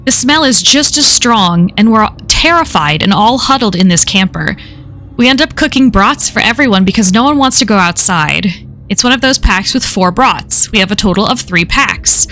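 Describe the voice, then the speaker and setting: A woman's voice: mid-range voice, lively intonation, moderate pace, bright, forceful tone, slight background noise. A woman reading a first-person horror story aloud on a live stream, in a casual, conversational telling full of swearing.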